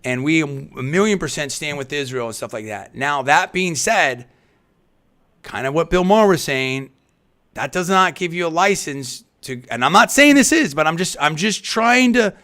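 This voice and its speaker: Bright-voiced male talk radio host. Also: a little high, lively intonation, moderate pace. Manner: rambling, with frequent restarts and hedges; emphatic, punching key phrases louder. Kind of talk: live talk radio monologue.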